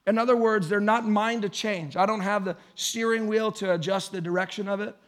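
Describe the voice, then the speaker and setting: A man's voice: high voice, steady tone, brisk, fairly bright tone. A man in his thirties preaching a sermon to his congregation in a conversational way, building to emphatic points. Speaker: pastor.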